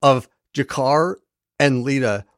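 A man co-hosting a podcast in casual chat, animated and profane, acting out lines from the episode. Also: medium pitch, slow pace, dry recording, clean studio sound. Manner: animated, profane, acts out quoted characters. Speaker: podcast co-host.

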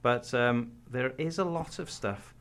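A man's voice: medium pitch, unhurried, fairly bright tone. Welsh man chatting on a podcast. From Wales. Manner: laughs often, reads aloud in a mock-dramatic voice. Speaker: podcast co-host. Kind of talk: casual chat.

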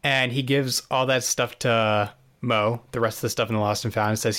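A man's voice: mid-range voice, fairly even intonation, moderate pace, a bit bright. A man co-hosting a podcast, casually recapping a TV episode in a dry, sarcastic way with plenty of fillers and restarts. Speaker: podcast co-host.

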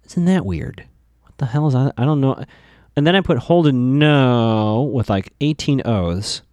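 A man's voice: mid-range voice, sing-song, moderate pace, warm tone, no echo. A man casually recapping a TV episode, chatty, with lots of fillers, stammered restarts and asides to his listeners.

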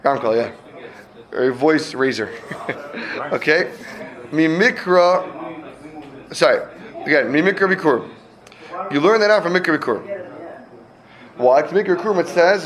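Man teaching a lively class. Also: a little high, moderate pace, long pauses. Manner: explains step by step, checks in with the class often. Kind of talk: classroom Talmud lesson.

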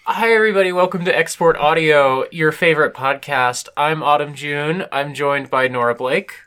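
Woman podcast host, bright tone, playful and teasing in a lively chat. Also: deep voice, smooth. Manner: playful, teasing, quick to laugh. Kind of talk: casual comedic chat. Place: basement.

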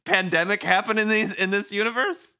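A man's voice: sits high, brisk, bright, forceful tone, clean tone. A man co-hosting a casual chat, talking loosely and laughing often as he reads lines aloud. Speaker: podcast co-host. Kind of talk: casual chat, reading game dialogue aloud.

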